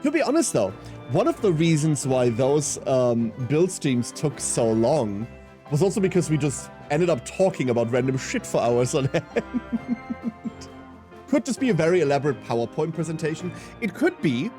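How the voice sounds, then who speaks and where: A man's voice: a little high, very animated, moderate pace, warm tone, faint music behind. A man in his thirties streaming a game, chatting casually and rambling with self-mocking humour as he answers chat. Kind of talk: casual live-stream chat while gaming.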